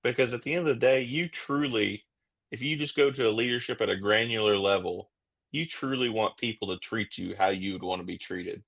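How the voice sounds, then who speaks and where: A middle-aged man, a former police officer, speaking as a guest in a steady, plain-spoken, reflective way. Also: fairly low pitch, brisk, gravelly. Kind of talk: casual interview chat.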